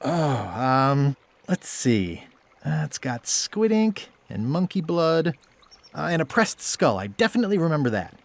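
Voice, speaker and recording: A rambling pirate hero. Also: male voice, fairly high pitch, big pitch swings, a little slow, gravelly, no echo, exaggerated voice. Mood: playful.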